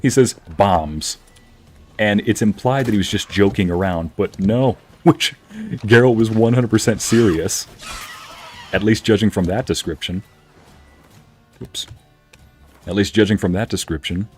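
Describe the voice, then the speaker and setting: A man's voice: lowish voice, normal speed, long pauses, soft background music. A man streaming a video game, chatting easily as casual game commentary. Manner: chatty and easygoing.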